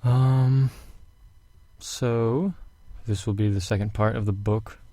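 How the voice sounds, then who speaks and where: Slow-paced and fairly low in pitch, a young man records an audiobook of a fantasy novel in a hot room at home. There's no echo, and he begins with a casual, meandering chat before reading at a steady pace.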